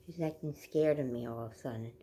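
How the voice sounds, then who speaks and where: A woman in her forties chatting casually on a home vlog, rambling between everyday news and soft baby talk to her dog. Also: extremely low pitch, fast, slightly rough. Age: 40s. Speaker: vlogger.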